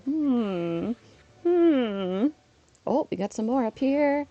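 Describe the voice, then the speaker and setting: A woman's voice: mid-range voice, lively intonation, moderate pace, dark tone. A woman in her thirties from Canada, chatting casually on a live stream while playing a game and laughing often.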